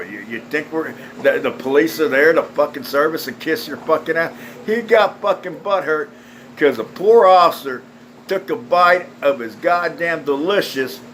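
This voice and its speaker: Man, angry profane rant, scornful, fairly high voice, faint background noise. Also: fairly bright tone, low-quality recording. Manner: blunt, foul-mouthed, scornful. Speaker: video ranter.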